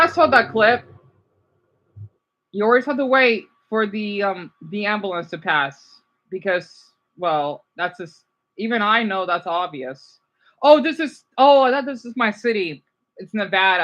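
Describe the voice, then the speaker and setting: A man chatting casually on a live stream, reacting to viewer comments in a rambling, animated way. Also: high-pitched, unhurried, highs cut off. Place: home room, keeping voice down.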